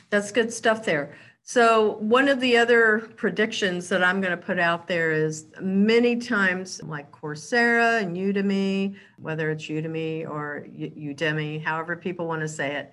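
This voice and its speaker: A woman's voice: mid-range voice, a bit bright. A woman hosting a podcast discussion, sharing her predictions in a conversational, think-aloud way. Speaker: podcast host.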